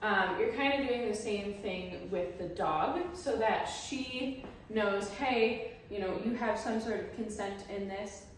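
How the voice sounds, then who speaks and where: A woman dog trainer explaining her methods while she works with a dog, breaking off to praise it in a high voice. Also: a little slow, heavy reverb, distant mic, slight background noise, low-quality recording.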